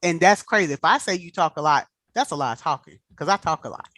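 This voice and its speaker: A woman in casual chat, telling animated stories and acting out the people she quotes. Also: deep voice, fast talker, dry recording.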